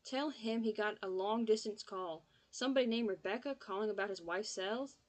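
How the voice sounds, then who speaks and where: Woman doing a sharp curt lady answering the phone, short with everyone. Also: mid-range voice, normal speed, natural voice.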